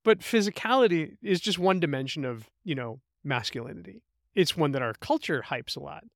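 Animated middle-aged male guest. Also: on the high side, brisk, gravelly, no echo, studio quality. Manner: animated storyteller, thoughtful. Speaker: interview guest, writer. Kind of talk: conversational interview.

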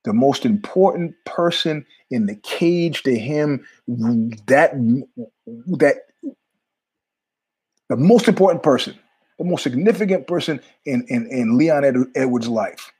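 A middle-aged male host with a husky, slightly breathy voice. He talks in a loose, rambling way, jumping from tangent to tangent. His pitch sits in an ordinary middle range. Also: takes it slowly. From New York. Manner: rambling, animated, jumps between tangents with asides. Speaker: podcast host. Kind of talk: casual monologue storytelling.

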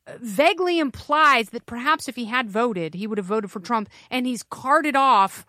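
A middle-aged woman with a high, bright and forceful voice trades wry, quick jokes in casual podcast banter. She is close on a studio mic in a very dry, dead room. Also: lively intonation, no echo. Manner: quick, wry and joking, laughs often. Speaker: guest, fellow show host.

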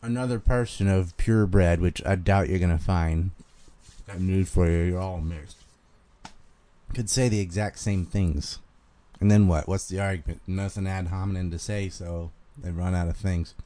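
A man with a low voice and a light Carolina Southern twang talks bluntly and profanely. He rants in a casual livestream style and shows little restraint. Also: steady tone, normal speed, mellow. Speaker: podcast host reading donations.

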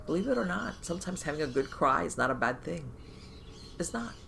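A woman podcast host giving conversational advice, animated and talking in loose run-on phrases full of fillers, often acting out inner voices. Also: sits low, brisk, creaky, slight background noise. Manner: animated, acts out inner voices and quoted thoughts.

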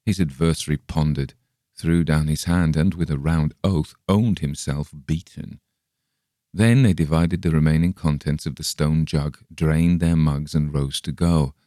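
A man reading a Victorian story aloud as an audiobook narrator, steady and measured, lifting his voice a little for the quoted speech. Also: extremely low pitch, no echo, studio quality. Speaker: audiobook reader. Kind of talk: scripted narration.

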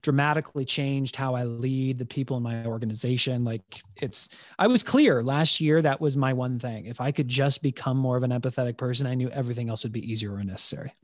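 A man in his thirties, a podcast guest, telling stories in an earnest, animated way. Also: medium pitch, a little fast, few pauses, no echo, studio quality. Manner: earnest, animated, acts out quotes. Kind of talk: conversational storytelling.

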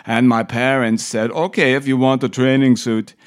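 A man putting on an Austrian-accented older strongman who slowly over-explains everything. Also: medium pitch, steady tone, voice pushed up, natural voice. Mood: boastful. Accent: Austrian German. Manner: loud, slow, over-explaining. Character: boastful older Austrian strongman, long-winded.

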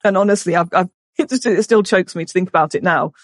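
A woman in her forties, a podcast guest, tells a personal story emotionally, halting and restarting often. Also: on the low side, no room sound, clean studio sound.

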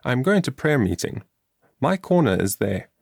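An earnest, devout young woman from a storybook, as a man reading aloud puts her on, in a lifted, sincere voice. The reading has a lively lilt, and the audio is dry and close. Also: mid-range voice, moderate pace, gravelly, husky, no room sound, pitched above the performer's own voice, full character voice.

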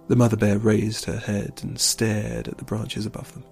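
Gravelly man narrating a story. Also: lowish voice, level tone, moderate pace, few pauses, darkish tone, soft background music.

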